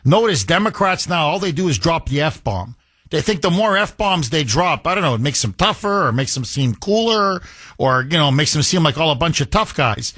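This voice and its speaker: A man's voice: on the high side, big pitch swings, a bit bright, no echo. A man hosting a political talk radio show, delivering combative, sarcastic commentary straight into a studio mic. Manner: combative, sarcastic, rapid-fire.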